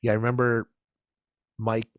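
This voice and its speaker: A man casually telling a story on a podcast, animated and laughing as he acts out the people in it. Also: mid-range voice, moderate pace, no room sound, studio quality. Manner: animated, acts out quoted voices, laughs often. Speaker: podcast guest.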